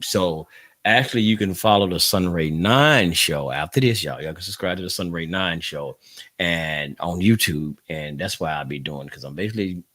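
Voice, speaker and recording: A man's voice: sits low, a bit bright, no room sound. Rambling man hosting a livestream. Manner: loose, rambling, talks straight to listeners. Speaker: podcast host. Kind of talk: casual livestream talk.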